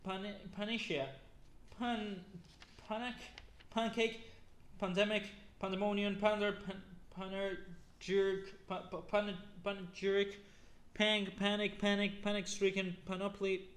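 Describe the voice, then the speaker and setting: In a high, flat, slightly bright voice, a male YouTuber works through a long word list at a measured pace. Stumbles, restarts and repetitions come often, and weariness from the long reading shows.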